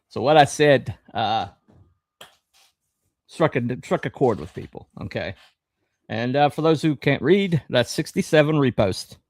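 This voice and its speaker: A middle-aged man hosting a podcast, talking in a rambling, halting way with lots of fillers and a wry, sarcastic edge. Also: medium pitch, dry recording, clean studio sound. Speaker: podcast host. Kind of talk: casual live-stream commentary.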